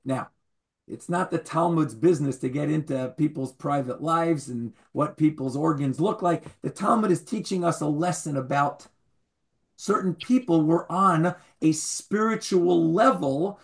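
A man's voice: a little high, a little slow, creaky. A man teaching a Torah class to a live group, quizzing his listeners, repeating key words and adding wry humorous asides.

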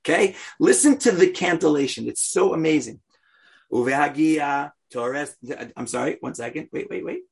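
A man teaching a scripture class, chatty and animated, joking in asides and chanting verses aloud. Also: on the high side, moderate pace, creaky, breathy edge.

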